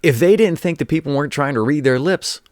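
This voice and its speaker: A man's voice: on the high side, lively intonation, quick pace, no echo, studio quality. A man hosting his own show, telling casual sports stories as a former college coach, rambling and often repeating his words. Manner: rambling, repeats words, acts out quoted voices. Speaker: show host. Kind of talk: casual commentary monologue.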